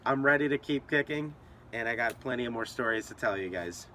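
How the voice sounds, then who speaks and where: A young man spins a story for his channel, swearing freely and rambling in a loose, conversational way. His voice is bright and forward, at an ordinary middle pitch. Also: lively intonation, brisk, slight background noise. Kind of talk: casual storytelling vlog.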